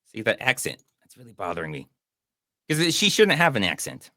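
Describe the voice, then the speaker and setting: A man's voice: on the low side, huge pitch swings, fairly quick, pushed and bright, slight background noise. A man hosting a casual movie review show, making sarcastic, mocking comments about a film. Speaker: podcast host and movie reviewer.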